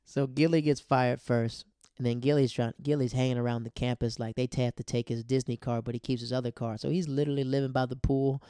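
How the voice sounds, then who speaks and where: A man spins a casual story in loose, slangy talk, laughing often along the way. His voice is mellow and warm, sitting at an ordinary pitch. The recording is dry and close. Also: flat delivery, fast, clean tone, no echo.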